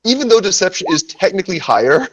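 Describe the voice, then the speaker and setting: A man's voice: high voice, big pitch swings, quick pace, husky. A man playing a tabletop game over an online call, easygoing with hesitant fillers. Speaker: player. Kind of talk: casual game-table chat.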